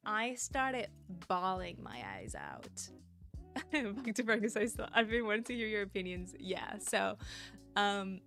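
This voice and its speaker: A woman's voice: on the high side, a bit bright. A woman streamer chatting casually with her livestream viewers, bubbly and giggly, thanking them and rambling between topics.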